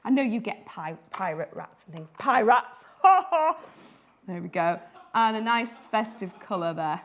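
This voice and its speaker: A woman's voice: fairly low pitch, moderate pace, muffled recording. A woman who illustrates children's books, giving a chatty, playful live drawing tutorial and laughing often.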